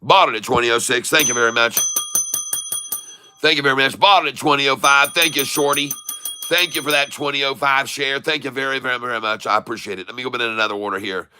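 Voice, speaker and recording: A man streaming his live day-trading, excitable, calling out prices over and over and taunting short sellers. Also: mid-range voice, quick pace, clear, resonant tone. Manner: addresses viewers as folks, taunts short sellers.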